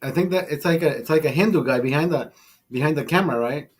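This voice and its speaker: Husky man rambling over beers. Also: on the high side, fast. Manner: rambling, profane, calls listener brother. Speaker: livestream host. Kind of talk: casual chat over beers.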